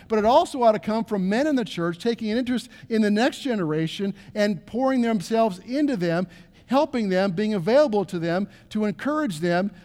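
A man's voice: high-pitched, darkish tone, big-room sound. A middle-aged man preaching a sermon as pastor, earnest, repeating phrases and asking the congregation to respond. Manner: earnest, repeats phrases, asks the crowd to answer. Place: church sanctuary.

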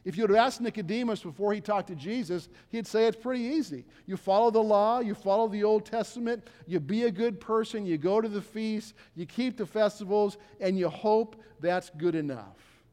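A man's voice: high-pitched, fairly quick, few pauses, a little mellow, long reverb tail. An older man preaching a conversational sermon as pastor in a church, often acting out the people he quotes. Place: church sanctuary.

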